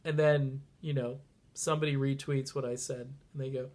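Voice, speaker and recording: A man's voice: medium pitch, little pitch movement, moderate pace, darkish tone. A man with a congested, stuffy voice, talking casually and sarcastically on a political vlog, swinging from mutters to sudden outbursts. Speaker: political vlogger.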